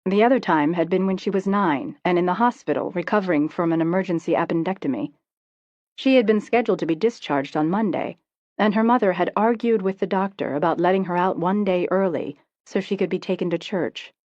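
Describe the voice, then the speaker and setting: A woman narrating an audiobook in a steady, measured way, on a dull, lo-fi recording. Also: lowish voice, no room sound.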